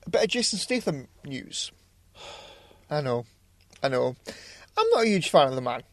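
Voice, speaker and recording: Guy chatting on a podcast, bit higher voice, jokey, dry close sound. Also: sing-song, normal speed, no echo. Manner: jokey, rambling, swears freely. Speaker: podcast co-host. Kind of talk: casual chat.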